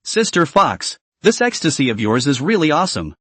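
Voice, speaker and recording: A man's voice: fairly high pitch, sing-song, moderate pace, fairly bright tone, no room sound. A man voicing a fawning, sycophantic driver.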